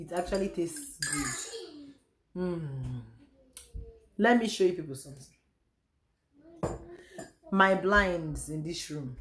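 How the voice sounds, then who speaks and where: Hoarse Nigerian woman vlogging. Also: fairly low pitch, a little hiss or hum. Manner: chatty, repeats herself, sighs and trails off. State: hoarse, losing her voice. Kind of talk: casual home vlog chat. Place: room at home.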